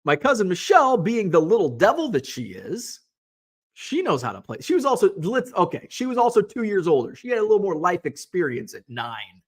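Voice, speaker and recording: Animated rambling man telling a story. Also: high-pitched, brisk, breathy edge. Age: 40s. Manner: animated, rambling, self-mocking, swears casually. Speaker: host of a hobby show. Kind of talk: casual storytelling chat.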